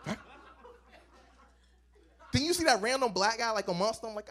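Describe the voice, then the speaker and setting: A man in his thirties doing a stand-up comedy set on a club stage, animated and acting out bits with big swings in pitch. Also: moderate pace, pauses often.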